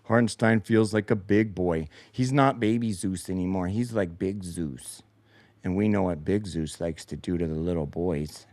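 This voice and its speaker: A man's voice: low-pitched, moderate pace, darkish tone, no echo. Sarcastic, swearing male sports host. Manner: frustrated, sarcastic, swears a lot. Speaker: show host. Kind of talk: profane post-game replay commentary. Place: home basement.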